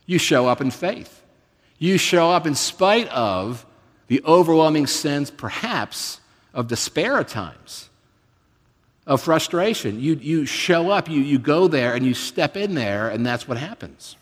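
A man in his fifties preaches a sermon in a relaxed, storytelling way, his pitch rising and falling a lot as he pokes fun at himself. His voice carries a long reverb from a large hall. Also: a little slow. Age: 50s. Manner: conversational storytelling with self-deprecating humor. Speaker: guest preacher.

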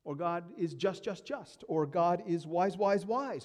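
A man delivers a sermon in a church, his slow and deliberate phrasing swinging from hushed low passages up to loud, emphatic peaks. His voice sits fairly high for a man. The sound carries a long reverb from the large hall. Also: expressive. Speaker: preacher.

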